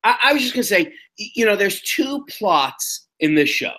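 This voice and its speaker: A man in his sixties chats on a podcast in a bright, ringing voice. His pitch swings widely as he muses, opinionated and unhurried. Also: very animated. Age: 60s. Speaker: podcast co-host. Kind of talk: casual podcast chat.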